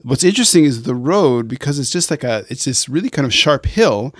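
A man's voice: medium pitch, animated, fairly quick, no room sound. Man describing a photo in detail, dry sound. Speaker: podcast host. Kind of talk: casual conversation.

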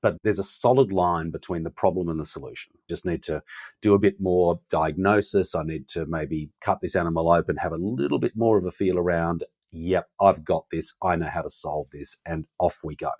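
A man's voice: deep voice, brisk, darkish tone, no room sound. A middle-aged man, a leadership consultant telling stories conversationally and acting out quoted dialogue with animation. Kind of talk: conversational storytelling.

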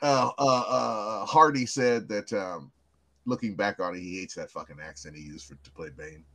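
A man co-hosting a podcast in casual chat, animated and swearing freely, often repeating words. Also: on the low side, moderate pace. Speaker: podcast co-host.

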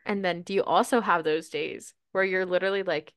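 A woman co-hosting a casual podcast chat, talking in a chatty, animated way with frequent "like"s. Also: lowish voice, a little fast, dry recording, clean studio sound. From Latina, grew up bilingual in Spanish and English. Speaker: podcast co-host.

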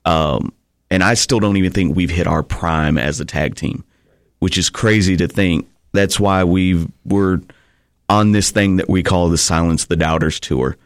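A man's voice: low voice, measured pace, no room sound, studio quality. A man from Tennessee, a guest pro wrestler telling stories in casual podcast chat with many fillers. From Tennessee, USA. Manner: relaxed storytelling with frequent fillers.

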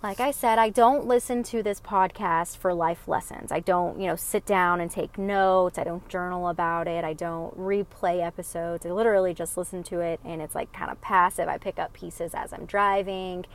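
A woman's voice: on the low side, fairly even intonation, moderate pace, hardly any pauses. A woman telling viewers a rambling personal story in casual chat, with lots of fillers and restarts. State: emotional, choking up. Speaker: podcast listener sharing a story.

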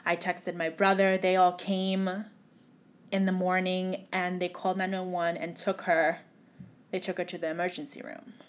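A young woman, a podcast guest, telling a painful personal story in a tearful, halting way that sometimes drops to a whisper. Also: on the low side, little pitch movement.

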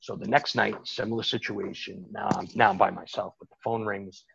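A man's voice: fairly low pitch, fairly even intonation, a little fast, vocal fry, highs cut off, background noise. A man telling stories as an interview guest, rambling casually with many restarts and asides. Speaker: interview guest recounting his bookmaking days. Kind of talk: casual storytelling.

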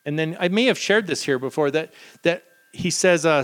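A man giving a live Bible teaching to a group in a room, lively and acting out the people he quotes. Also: normal speed, hardly any pauses. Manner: lively, acts out quoted figures with sudden pitch jumps.

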